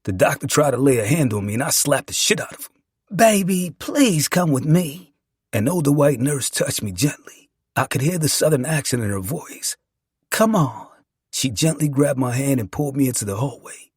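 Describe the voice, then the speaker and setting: A man's voice: mid-range voice, fairly quick, hardly any pauses, slightly rough, no echo, studio quality. A man narrating a dramatic first-person story with emotion and profanity.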